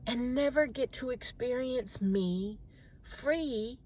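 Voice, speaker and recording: A middle-aged woman in a casual self-reflective monologue, animated and talking to herself. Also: a little high, slow, slight background noise. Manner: animated, talks to herself, mimics others' voices. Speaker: vlogger.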